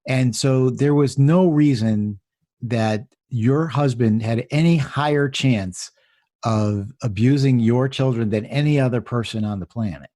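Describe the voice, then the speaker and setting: A man's voice: medium pitch, measured pace, mellow, no room sound, studio quality. A male podcast co-host talking firmly and reassuringly in support of his guest. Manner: firm, reassuring pushback on the guest's behalf. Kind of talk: conversational podcast interview.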